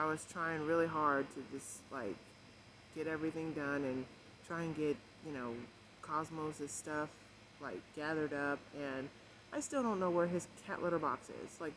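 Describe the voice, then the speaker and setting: A stressed, emotional woman vlogging at home, rambling softly with many fillers and keeping her voice low. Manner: rambling, many fillers, kept deliberately quiet. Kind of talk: casual rambling vlog chat. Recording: noisy home recording.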